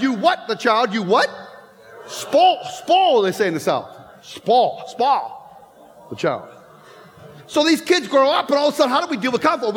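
A man in his fifties preaches from a church platform, spinning stories and teasing the congregation. His voice sits unusually high. The room rings with a long reverb. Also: fairly bright tone. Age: 50s. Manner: storytelling, joking with the congregation. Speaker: pastor. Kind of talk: sermon. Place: church sanctuary.

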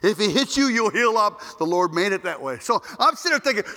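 A man preaching a storytelling sermon in an animated, joking way, acting out the people in his stories, recorded with echoey hall reverb in a large hall. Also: very high voice, brisk, hardly any pauses.

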